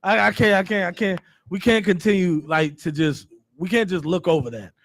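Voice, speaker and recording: A man's voice: sits high, moderate pace, a bit bright. A man giving a stern, emphatic scripture lesson as a religious teacher.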